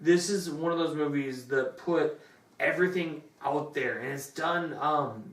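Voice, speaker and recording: A movie reviewer telling a plot in a crude, rambling, animated way during a casual review. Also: medium pitch, a little slow. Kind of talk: comedic movie review chat. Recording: roomy room, distant mic.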